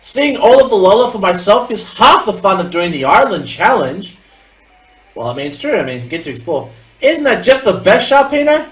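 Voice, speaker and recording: A man's voice: high voice, sing-song, moderate pace, echoey room, recorded from a distance, faint music behind, voice pushed up, poor audio. A man doing a cheery teen boy. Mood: eager. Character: upbeat teenage boy rival.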